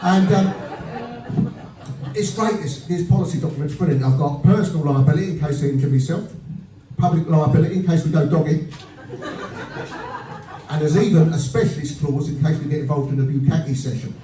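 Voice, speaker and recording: Fast-talking blunt stand-up comedian, roomy. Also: male voice, fairly high pitch, some chatter behind, slight background noise. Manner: blunt deadpan storytelling with crude punchlines. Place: comedy venue before a laughing audience. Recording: roomy live venue sound from a distance. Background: audience laughter.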